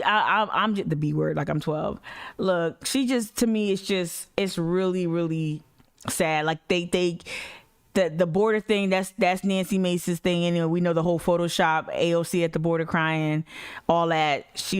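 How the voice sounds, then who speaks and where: A woman's voice: lowish voice, clear, resonant tone, no echo. Blunt woman ranting, dry sound. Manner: blunt, sarcastic, profane. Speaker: livestream host. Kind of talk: heated commentary reacting to clips.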